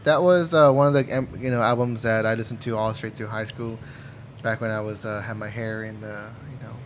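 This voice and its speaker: A man's voice: fairly low pitch, fairly even intonation, brisk, background noise. A man co-hosting a podcast, easygoing and chuckling as he chats. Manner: easygoing, chuckling, many fillers. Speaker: podcast co-host. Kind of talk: casual chat.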